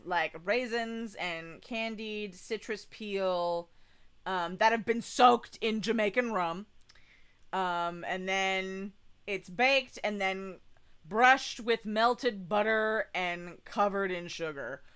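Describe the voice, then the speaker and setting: Bright-voiced chatty young woman vlogger. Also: mid-range voice, clean tone. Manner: chatty, rambling, filler-heavy. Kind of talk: casual travel vlog voice-over.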